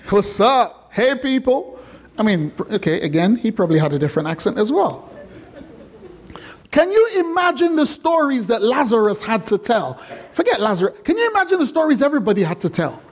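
A male pastor delivers a sermon in a high, bright-toned voice. He is animated and chatty, often breaking into asides and joking with the congregation. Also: brisk, husky. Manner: animated, conversational, playful.

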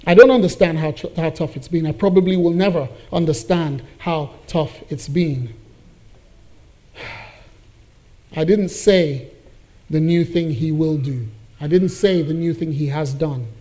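A man delivering a sermon in a high, mellow voice. He preaches emphatically, rising and pushing hard on the phrases he wants to land. It is a pastor addressing his congregation. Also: unhurried. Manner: emphatic preaching that builds in force on key phrases.

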